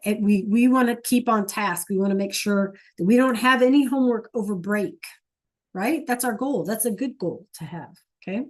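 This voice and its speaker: A woman's voice: mid-range voice, moderate pace. A woman teaching an online Spanish class, patient and coaxing, asking students question after question over a computer mic.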